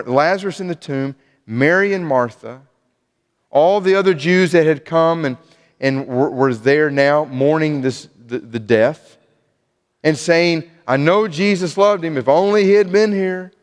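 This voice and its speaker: A preacher gives a sermon in a church sanctuary, his middle-pitched voice trailed by long reverb through the hall. He speaks earnestly, often restarting and repeating words.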